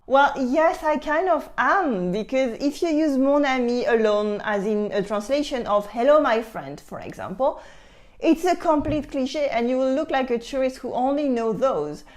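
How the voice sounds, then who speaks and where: A woman with a French accent, a native French speaker, teaching an online French lesson in an emphatic, lively way. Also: high voice, normal speed. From France.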